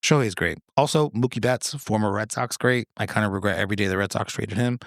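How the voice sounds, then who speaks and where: A man in his thirties talks alone on his podcast, rambling from one story to the next and swearing freely. His voice sits on the low side. The sound is close and completely dry. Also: fast talker, dry recording. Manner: rambling, profane, jokey storytelling with sudden high-pitched quoted voices. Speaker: podcast host. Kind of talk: casual solo chat.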